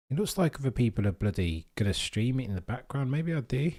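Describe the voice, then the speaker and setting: A man's voice: fairly low pitch, lively intonation, unhurried, a little mellow. A young British man streaming live, chatting and bantering cheekily with his viewers. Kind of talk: casual live-stream chat.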